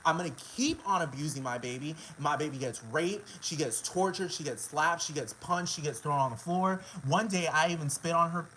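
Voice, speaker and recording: A man's voice: a little high, brisk, hardly any pauses, pushed and bright, slight background noise, rough recording. A man quoting a brash woman streamer who boasts defiantly while staying in character.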